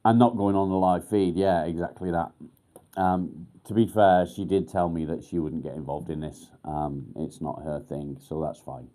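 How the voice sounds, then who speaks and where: A middle-aged man hosting a casual live stream, rambling with many pauses and casual swearing. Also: sits low, fairly even intonation, dark tone. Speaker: livestream host.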